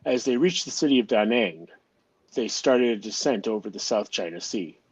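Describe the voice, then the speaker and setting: A man narrating an amateur audio drama in a steady reading voice, now and then stumbling and restarting a phrase. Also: lowish voice, normal speed, breathy edge, dry recording, dull audio.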